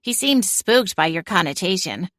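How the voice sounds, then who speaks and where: A woman voicing a haughty, sharp-tongued female cat in a storybook reading, cool and disdainful. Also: fairly low pitch, expressive, moderate pace, dry recording. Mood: sly.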